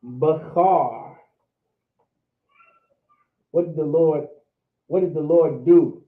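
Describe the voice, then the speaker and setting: A man giving a casual language lesson, repeating words slowly and talking informally to his class. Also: on the high side. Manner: drawn-out repetition of words, informal. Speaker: teacher. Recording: echoey, tinny phone-like audio.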